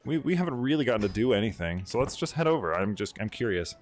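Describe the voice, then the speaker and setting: A man chatting casually over his gameplay, excitable and slangy, with quick asides to his viewers. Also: on the low side, soft background music. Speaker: gameplay streamer.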